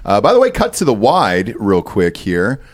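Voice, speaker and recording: A man hosting a comedic news podcast from a studio, rambling through crude deadpan jokes. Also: fairly low pitch, moderate pace. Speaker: show host.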